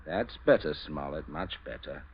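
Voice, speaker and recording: An actor playing a genial but menacing middle-aged father who gives orders at gunpoint, chuckling and calmly commanding, in a 1940s radio drama. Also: very deep voice, moderate pace, husky, full character voice. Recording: dull old radio broadcast.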